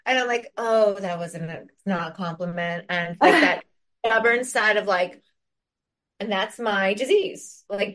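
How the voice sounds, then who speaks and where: A woman's voice: lowish voice, a bit bright. A woman co-hosting a podcast, talking reflectively and casually, often acting out her own inner voice. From Ireland. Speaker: podcast co-host.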